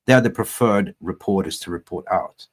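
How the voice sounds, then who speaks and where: A man runs a livestream for a football fan channel, chatting loosely and rambling with lively swings while laughing at his own jokes. His voice sits low and he talks briskly.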